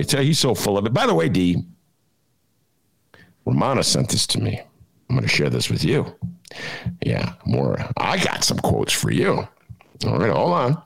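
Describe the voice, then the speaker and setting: A man hosting a casual political chat podcast, animated and laughing often as he talks. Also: mid-range voice, vocal fry, no room sound. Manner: animated, laughing, breaks into quick impressions. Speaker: podcast host.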